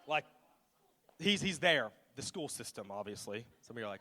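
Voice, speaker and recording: A man's voice: mid-range voice, animated, a little fast, pushed and bright. A man in his thirties preaching a sermon as pastor, casual and joking, often poking fun at himself. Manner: casual, joking, self-deprecating. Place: large church auditorium. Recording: long hall reverb with faint music.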